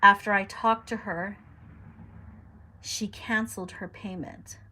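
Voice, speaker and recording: A woman's voice: mid-range voice, takes it slowly. A young adult woman casually hosting a live stream, chatting and reading out viewer comments. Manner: chatty, reads viewer comments aloud, animated reactions. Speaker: livestream host.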